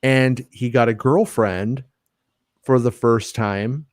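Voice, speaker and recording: A man's voice: medium pitch, fairly even intonation, slow pace, dry recording, clean studio sound. Stammering, joking male podcast host. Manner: stammering restarts, joking rants. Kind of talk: casual live-stream chat.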